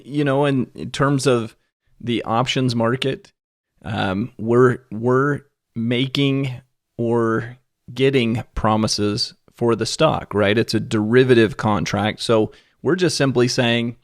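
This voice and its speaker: A man with a mid-range voice explains a finance topic plainly on a podcast. He keeps a steady, even delivery and stops now and then to check that his listener is following. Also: medium pitch, slow pace. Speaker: podcast host explaining options.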